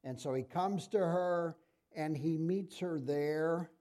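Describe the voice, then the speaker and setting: A man's voice: a little high, slow pace, dark tone. A middle-aged man preaching a sermon in a conversational way, asking his congregation questions.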